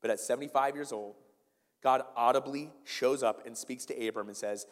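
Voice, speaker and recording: A man preaching a sermon as pastor, swinging between loud emphasis and quiet asides. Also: medium pitch, moderate pace, big-room sound.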